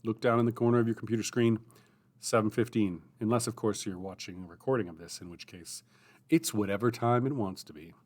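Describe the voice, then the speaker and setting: A man hosting a writing livestream, chatty and self-mocking, thinking aloud as he goes. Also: fairly low pitch. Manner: chatty, self-mocking, thinks aloud; mutters his draft slowly and softly. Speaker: streamer hosting writing sprints. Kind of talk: casual livestream chat, then muttering while writing.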